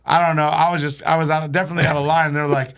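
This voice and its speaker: Young guy with a gravelly voice, telling a bar story loud and animated, lots of swearing. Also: a little high, rapid-fire. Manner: animated, acts out quotes, swears freely. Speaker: comedy podcast guest. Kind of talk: casual storytelling.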